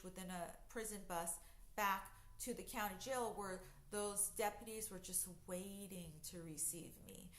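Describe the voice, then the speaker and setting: A woman's voice: mid-range voice, a bit bright. A woman telling her own story in a casual storytime vlog, conversational with many fillers and emphatic bursts. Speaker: vlogger recounting jail experiences. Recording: echoey room.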